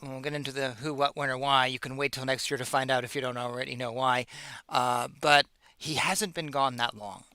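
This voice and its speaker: Bright-voiced man retelling an epic casually. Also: medium pitch, fairly even intonation, fairly quick, clean tone, no echo. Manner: slangy, joking, with playful asides. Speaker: host. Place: in America.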